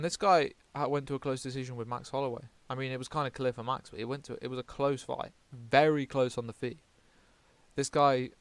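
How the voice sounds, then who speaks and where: A man from the UK talks through his picks in a loose, rambling way, dropping swear words and backtracking mid-sentence. His voice is smooth and clear. The sound is dry, with no room echo. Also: medium pitch. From United Kingdom. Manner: rambling, swears often, self-correcting. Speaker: MMA vlogger. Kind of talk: casual fight predictions.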